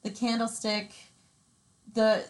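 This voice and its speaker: A woman with a slightly high voice talks casually, sharing firm opinions. She thinks out loud, restarts sentences and lets thoughts trail off. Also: monotone, slow. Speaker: co-host discussing a film. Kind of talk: casual chat.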